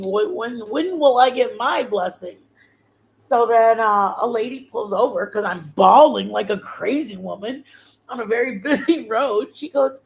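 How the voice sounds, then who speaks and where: A woman's voice: a little high, poor audio. A woman hosting her channel, telling a personal testimony in a rambling, heartfelt way with many fillers and restarts. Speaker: channel host sharing a testimony. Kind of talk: emotional personal storytelling.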